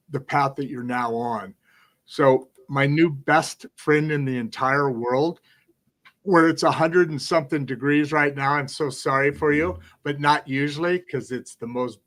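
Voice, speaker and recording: A man with a medium-pitched, fairly bright voice hosts a live interview show. His casual chat rambles enthusiastically, packed with asides and restarts.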